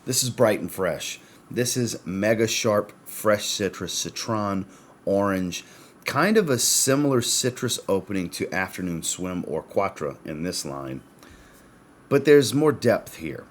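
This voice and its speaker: A man's voice: sits low, expressive, measured pace, a little hiss or hum. A man with the hiccups giving a chatty, casual fragrance review and talking to his viewers as guys. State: has the hiccups.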